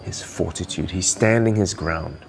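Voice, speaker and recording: A man's voice: low-pitched, moderate pace, gravelly, slight background noise. A man from Malaysia hosting a podcast, giving earnest, encouraging coaching talk while thinking aloud. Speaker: podcast host.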